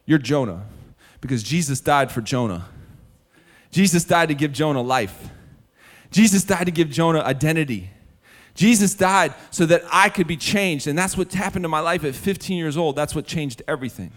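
A male preacher and musician delivering a sermon, telling stories animatedly to the congregation and then dropping to a hushed, earnest tone. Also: fairly high pitch, normal speed. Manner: animated storytelling with sudden drops to a hushed, earnest tone; direct address to the congregation.

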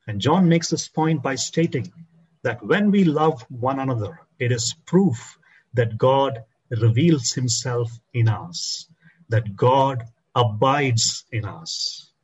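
A man preaching a sermon as a pastor, slowing and dropping his voice low to stress key phrases. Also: breathy edge, highs cut off.

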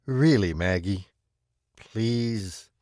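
A man voicing a calm, polite killer in an audiobook, speaking in a precise, mannered and coolly threatening way. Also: on the low side, drawn-out words, no room sound, clean studio sound. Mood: menacing. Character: calm, menacing male killer, polite and unhinged.

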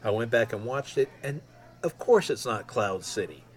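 A man around fifty hosting a solo podcast, rambling excitedly with lots of ums. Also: mid-range voice, moderate pace. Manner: excitable, rambling fan talk with many ums. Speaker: podcast host. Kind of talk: casual solo podcast monologue.

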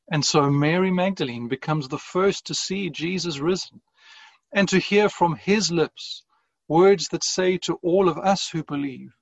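Man preaching a sermon, slow and earnest, kinda high voice, muffled lo-fi sound. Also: creaky, dry recording. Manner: measured, earnest preaching with deliberate pauses. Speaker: pastor.

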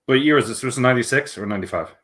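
A man's voice: mid-range voice, rapid-fire, fairly bright tone. A man co-hosting a casual podcast chat, jokey and giggly, cracking stupid jokes. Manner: jokey, giggly, self-deprecating. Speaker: podcast co-host.

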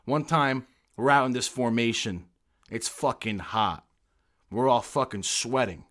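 A man, an army veteran, telling profane, animated stories in a casual chat. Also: medium pitch, unhurried.

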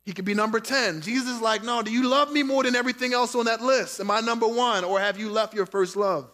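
A man preaching a sermon with a high, bright voice. He reads scripture aloud and acts out the quoted speakers, going soft and slow for tender lines. His tone rings clear and forceful. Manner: preaching with dramatic quoted voices, drops soft for Jesus' words. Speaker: pastor.

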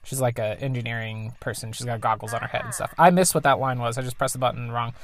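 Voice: medium pitch, fairly even intonation, fast. A game streamer giving rambling, casual commentary while playing and reading the story aloud. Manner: chatty, rambling, self-correcting. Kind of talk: casual let's play commentary.

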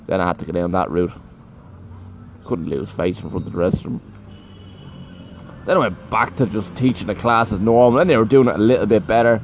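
A man's voice: on the low side, a little fast, pauses often, poor audio. A man hosting a podcast, chatting casually and complaining with lots of swearing while sitting outside at a café in the rain. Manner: sweary, complaining, animated storytelling. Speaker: podcast host. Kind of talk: casual ranting chat. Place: sheltered seat outdoors at a café in the rain. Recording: loud street and construction noise. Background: traffic and construction noise.

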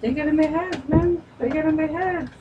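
A young woman chiming in during a casual chat, jokey and quick. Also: high-pitched, fairly even intonation, dull audio, a little hiss or hum. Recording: distant mic.

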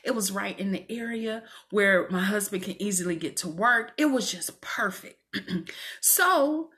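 A woman's voice: mid-range voice, measured pace, fairly bright tone. A woman minister giving a fervent, preacherly faith testimony to women viewers from her home. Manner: fervent, preacherly, calls listeners "y'all".

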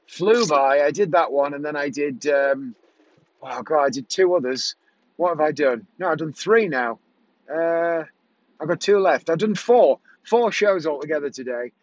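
A middle-aged Englishman, a magician, chats casually in a vlog, rambling and correcting himself as he goes. His voice is a little high and his pace moderate. The recording is dry, dull and lo-fi.

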